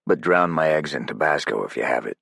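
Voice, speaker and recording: A man's voice: rumbling low, lively intonation, a little fast, creaky, fairly bright tone, breathy edge, no room sound, studio quality, heavily acted. A man voicing a good-humored, battered male operative who talks plainly and offhand, in an audiobook.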